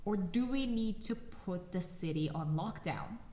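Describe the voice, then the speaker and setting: A woman voicing a worried council matron who asks in a hushed, anxious way. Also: medium pitch, lively intonation, a little slow, pitched below the performer's own voice, close to an everyday voice. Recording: echoey room.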